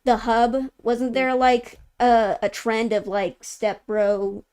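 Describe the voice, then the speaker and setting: A woman's voice: a little high, steady tone, slow, darkish tone, smooth. A woman co-hosting a gaming news livestream in casual chat, rambling with lots of "like" fillers. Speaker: co-host of a gaming news show. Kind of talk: casual live-stream chat.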